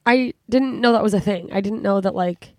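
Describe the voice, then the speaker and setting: A young woman from California hosting a podcast solo, ranting in a rambling, exasperated and profane way, full of fillers and sudden jumps in pitch. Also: moderate pace, no room sound. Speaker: podcast host. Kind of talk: casual solo podcast rant.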